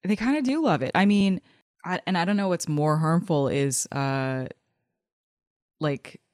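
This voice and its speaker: A woman in a casual discussion, chatty and relaxed, with lots of fillers. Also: sits low, a little slow, dry recording, clean studio sound.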